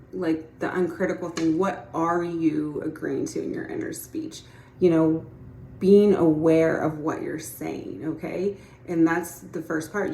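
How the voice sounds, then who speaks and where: Low-voiced woman coaching in a roomy space. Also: a little mellow. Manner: chatty and encouraging, often checking in with the listener. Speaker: manifestation coach. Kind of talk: casual teaching monologue.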